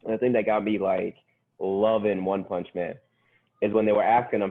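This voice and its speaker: A man's voice: lowish voice, steady tone, moderate pace. Man on a tinny phone-like line. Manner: rambling, slangy scene retelling. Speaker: podcast co-host. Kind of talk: casual chat.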